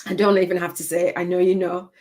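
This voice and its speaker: An older woman from the United Kingdom leads a live masterclass on spiritual business. She talks in a low-pitched voice, heartfelt and emotional. She often restarts her sentences as she goes. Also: level tone, fast, darkish tone.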